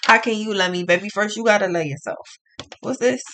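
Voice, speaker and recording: A woman's voice: medium pitch, fairly quick, a bit bright, slight background noise. A woman giving a casual tarot reading, talking in a blunt, profane, ranting way. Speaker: tarot card reader.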